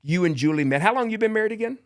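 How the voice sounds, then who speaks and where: A man's voice: high voice, animated. A man hosting a faith and sports podcast, asking questions in an admiring way with frequent restarts. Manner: warm, admiring interviewer with halting restarts. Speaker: podcast host. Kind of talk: podcast interview.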